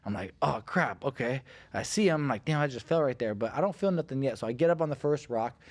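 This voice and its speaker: A man's voice: medium pitch, fast. A man in his thirties, a guest fighter, telling a story in casual podcast chat and acting out the voices of people in it. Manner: animated storyteller, acts out voices.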